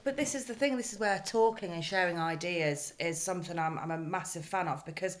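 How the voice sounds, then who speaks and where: A woman speaking as a guest in a business interview, chatty and animated, telling stories with a self-deprecating streak. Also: lowish voice, a little fast. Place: room with an audience.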